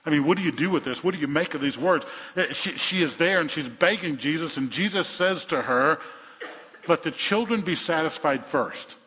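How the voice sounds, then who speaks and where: A man's voice: fairly high pitch, brisk, few pauses, sharp tone. A man preaching a sermon as pastor. He talks earnestly, repeats his words and asks his listeners questions. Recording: echoey hall, dull lo-fi sound.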